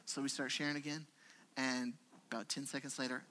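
A man's voice: mid-range voice, fairly quick. A man preaching a conversational sermon in a church, telling stories and acting out quotes. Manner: conversational, animated storytelling with acted-out quotes. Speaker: pastor.

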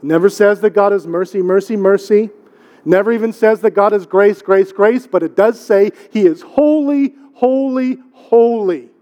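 A man's voice: high-pitched, moderate pace, darkish tone. A middle-aged man, a pastor, delivering a conversational sermon with rhetorical questions and repeated words for emphasis. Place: church sanctuary. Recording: long hall reverb.

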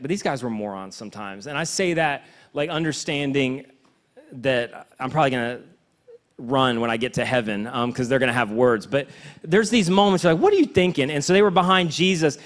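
A pastor with a slightly high voice preaches a sermon in a conversational, animated style. He swings between loud, emphatic bursts and hushed, intense passages.

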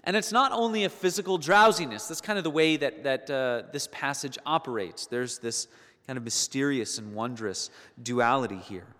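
A man's voice: mid-range voice, animated, moderate pace, a bit bright. Earnest male preacher in a reverberant hall. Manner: earnest, building to emphatic peaks on key points; repeats words while searching for phrasing. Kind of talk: sermon.

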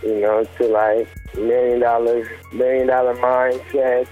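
A man's voice: medium pitch, completely flat delivery, a little slow, phone-quality sound, soft background music. Laid-back young man from Las Vegas. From Las Vegas, United States. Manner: laid-back, loose, sprinkled with "you know" and "man". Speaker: rapper guest. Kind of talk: casual interview chat.

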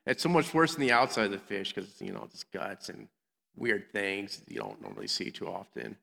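A man's voice: lowish voice, expressive, moderate pace, vocal fry, sharp tone. A man giving a playful Bible lesson to children, acting out the characters in little voices. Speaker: children's minister. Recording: long hall reverb.

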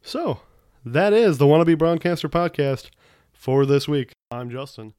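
Smooth-voiced man rambling on his podcast. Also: fairly high pitch, moderate pace, darkish tone, no echo, clean studio sound. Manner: rambling, loose, self-correcting. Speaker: podcast host. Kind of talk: casual solo podcast chat.

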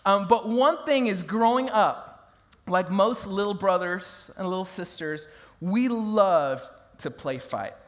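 A man in his thirties preaches to his congregation in a notably high voice. He tells family stories with easy humor and often breaks into laughter. His words ring out through a large, reverberant hall. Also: slow pace. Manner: animated storytelling, laughing with the crowd. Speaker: pastor. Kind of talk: sermon.

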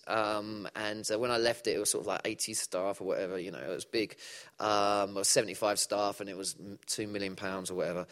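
A man preaching a sermon in a church hall, conversational and animated, often asking the audience questions. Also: medium pitch. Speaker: pastor.

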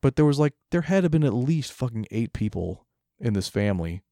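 A man co-hosting a podcast, venting in a loose, foul-mouthed rant. His voice is mellow and dark, at a middle pitch. The sound is close and dry. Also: big pitch swings, fairly quick, no room sound. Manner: ranting, heavy swearing, mocking imitations. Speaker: podcast co-host. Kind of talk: casual profane rant.

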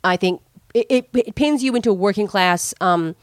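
A woman's voice: mid-range voice, normal speed, no room sound, clean studio sound. A woman hosting a casual chat, talkative and full of questions. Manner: chatty, asks lots of questions.

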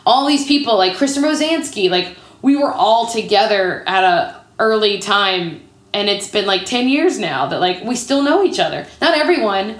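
A woman's voice: mid-range voice, animated, moderate pace. Chatty woman guest with a roomy echo. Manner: chatty, peppered with "like". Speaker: podcast guest, improv comedian. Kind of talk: casual storytelling interview.

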